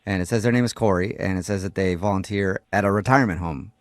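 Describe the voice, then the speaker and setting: A man hosting a morning radio show, joking with deadpan banter. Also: low-pitched, quick pace, no echo, studio quality. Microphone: studio mic.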